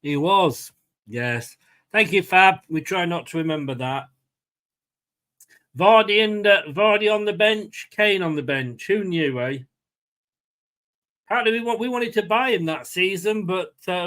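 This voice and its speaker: Chatty football fan, slightly high voice. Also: male voice, fairly bright tone. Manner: chatty, rambling, answers viewers' comments by name. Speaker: fan channel host. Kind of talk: casual live match watchalong commentary.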